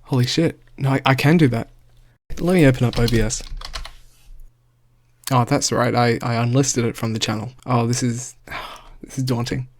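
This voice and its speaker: A man's voice: mid-range voice, steady tone, moderate pace, no echo. A young man in his bedroom, chatting off the cuff and reacting to his own old video, nervous and self-mocking, laughing often. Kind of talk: casual unscripted reaction chat. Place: bedroom floor, indoors.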